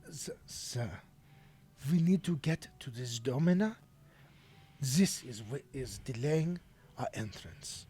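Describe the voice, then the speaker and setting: A player voicing a calm, soft-spoken adventurer who tries to smooth things over in a tabletop game. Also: medium pitch, voice pushed down. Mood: placating. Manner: soft-spoken, measured, placating. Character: calm diplomatic traveling adventurer.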